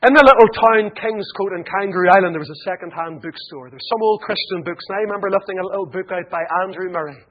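An Irish man preaching an evangelistic sermon, swinging between loud emphatic appeals and hushed pleading. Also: high voice, quick pace, hardly any pauses, dull audio. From Ireland.

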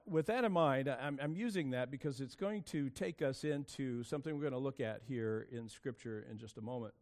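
A man's voice: mid-range voice, a little mellow. A man preaching a sermon, opening with prayer and explaining word origins in an easygoing, thinking-aloud way. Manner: casual, thinking aloud with fillers. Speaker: pastor.

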